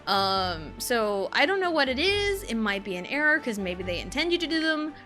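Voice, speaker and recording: Bright, lively woman streamer chatting. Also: a little high, moderate pace, soft background music. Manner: chatty and expressive, many fillers like "um" and "like"; talks aside to her young child while playing. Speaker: game streamer. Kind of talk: casual gameplay commentary.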